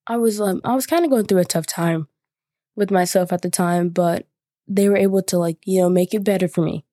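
A woman's voice: mid-range voice, dark tone, no echo, clean studio sound. Chatty young woman telling stories. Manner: chatty, lots of 'like' fillers. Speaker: podcast host. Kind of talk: casual storytelling.

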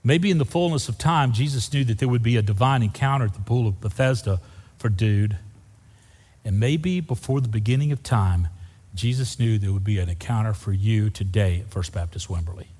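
A man's voice: on the low side, fairly quick, mellow, slightly rough, big-room sound. A man preaching a sermon as a pastor, folksy and joking, acting out the people in the story. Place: church sanctuary.

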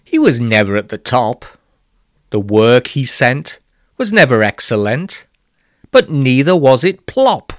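A man's voice: medium pitch, big pitch swings, measured pace, dry recording, studio quality. A man narrating a rhyming children's story with a weary, exasperated patience.

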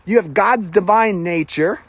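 A man's voice: high voice, a little slow, dry recording, muffled recording. A man with a Southern US accent preaching a casual sermon, chatty and self-deprecating, laughing often as he talks.

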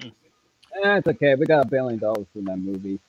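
A man's voice: medium pitch, big pitch swings, fairly quick, muffled recording, natural voice. A man voicing a confident male space-ranger toy in a comedic role-play, laid-back in manner. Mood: easygoing.

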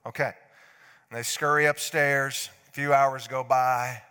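A man in his forties preaching a sermon, swinging from hushed asides to loud outbursts. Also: medium pitch, level tone, unhurried, clear, resonant tone. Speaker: pastor. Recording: echoey hall.

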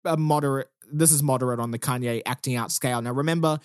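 A man's voice: medium pitch, fast, dry recording, clean studio sound. A man hosting a podcast, casually and easily walking through the week's news. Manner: easygoing, walks through news stories. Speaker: podcast host.

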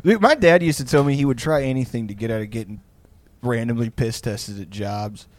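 A man's voice: medium pitch, fairly quick. A young man co-hosting a podcast, telling rambling, profane stories in casual chat. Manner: profane, rambling storytelling with frequent laughs. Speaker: podcast co-host.

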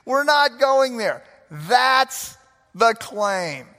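A man's voice: very high voice, very animated, very slow, bright, forceful tone. A man preaching a sermon, earnest and conversational, telling stories with frequent restarts. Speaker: pastor. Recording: long hall reverb.

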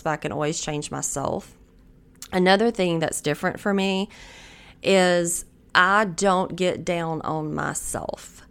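Earnest woman podcaster, smooth low voice. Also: a bit bright. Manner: earnest, conversational, encouraging. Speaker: podcast host. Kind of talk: faith podcast monologue.

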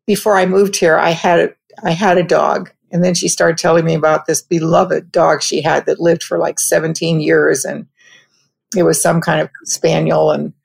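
A woman telling a personal anecdote in a reflective, halting way, often restarting her sentences. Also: sits low, flat delivery, gravelly, slightly rough. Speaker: storyteller. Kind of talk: personal anecdote told conversationally.

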